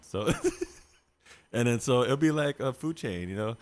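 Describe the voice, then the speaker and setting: A man co-hosting a podcast in casual chat, playful and quick to laugh. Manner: playful, laughs often, lively pitch. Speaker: podcast co-host.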